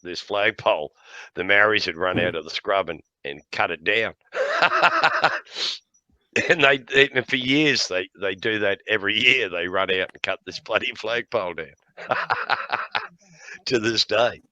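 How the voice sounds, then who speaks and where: Give me a bright-voiced Australian man spinning yarns. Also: lowish voice, unhurried, no room sound, muffled recording. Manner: laughs often, swears freely, lively yarn-spinning. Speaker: livestream host. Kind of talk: casual chat with jokes and yarns.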